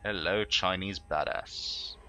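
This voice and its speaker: A man's voice: low voice, fairly even intonation, slow pace, pushed and bright, a little hiss or hum. A man commentating his own strategy game run, swearing and prone to exasperated outbursts. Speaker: gaming let's player. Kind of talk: let's play commentary.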